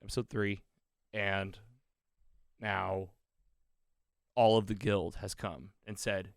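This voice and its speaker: Podcast co-host, male, lower voice, dry close studio sound, rambling retell with fillers. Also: flat delivery, slow pace, gravelly, pauses often, no echo. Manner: loose, rambling, with many fillers and quoted lines. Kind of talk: casual chat, retelling a TV episode.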